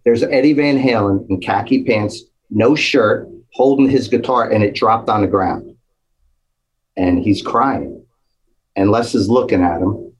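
A man's voice: on the low side, unhurried, poor audio. A man telling a long story in casual chat, acting out the voices of the people in it. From New Jersey. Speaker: guest storyteller.

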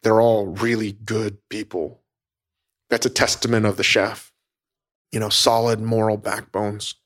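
A man hosting a podcast, talking in a halting, emotional way with many restarts. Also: fairly low pitch, little pitch movement, a bit bright. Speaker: podcast host. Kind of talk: casual podcast talk. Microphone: teleconference recording.

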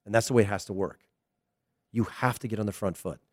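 A man's voice: fairly low pitch, fast, a little mellow, dry recording, clean studio sound. A middle-aged American man, a former player, giving a digressive, emphatic casual commentary monologue. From United States.

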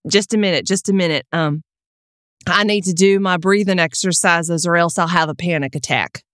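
A woman improvising a nervous, flirty new fast-food employee over a video call. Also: fairly low pitch, a bit bright, dry recording, studio quality, voice pushed down, close to an everyday voice. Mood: flustered. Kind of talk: improvised comedy scene.

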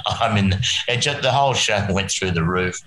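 A man's voice: lowish voice, normal speed, fairly bright tone, reverberant, slight background noise, poor audio. An Australian man, a musician guest, rambling through a story and chuckling often. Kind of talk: casual anecdote telling.

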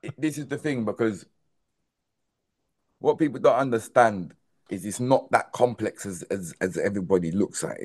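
A man's voice: lowish voice, normal speed, slightly rough. A man from South London with a London accent, a dancehall artist chatting emphatically in an interview and calling people bro and man. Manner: animated, repetitive, emphatic, says "bro" and "man" often. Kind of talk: casual interview chat.

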